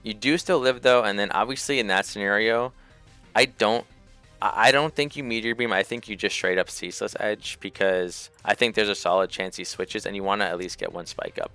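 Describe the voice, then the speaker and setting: Gravelly low-voiced man thinking aloud. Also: a little fast, pushed and bright, soft background music. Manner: loose, filler-heavy, thinks aloud. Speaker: host. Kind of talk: casual strategy chat.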